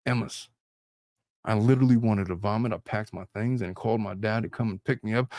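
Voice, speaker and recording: Man, podcast host, blunt and animated, swears a lot, dry close sound. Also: on the low side, a little fast, dry recording. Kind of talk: casual podcast chat.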